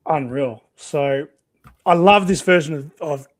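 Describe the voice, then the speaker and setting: A man's voice: fairly high pitch, unhurried, no echo. A man hosting a casual comic read-along, chatty and laughing often. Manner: chatty, laughs often, voice rises and falls a lot. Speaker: host.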